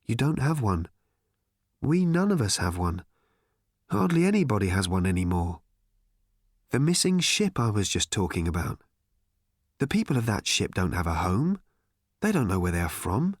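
A man voicing a composed woman journalist who speaks quietly and steadily. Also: on the low side, big pitch swings, moderate pace, long pauses, dry recording, studio quality. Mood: calm, urgent.

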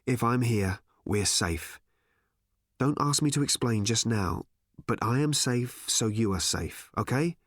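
A man voicing a gentle, serenely calm man speaking softly. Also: medium pitch, measured pace, no echo, clean studio sound. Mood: gentle, tranquil. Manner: gentle, soft.

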